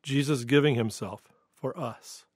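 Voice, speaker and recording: Slow, earnest male preacher. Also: mid-range voice, husky, dry recording, clean studio sound. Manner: earnest, reflective, measured delivery. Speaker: pastor. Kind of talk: devotional sermon with scripture reading.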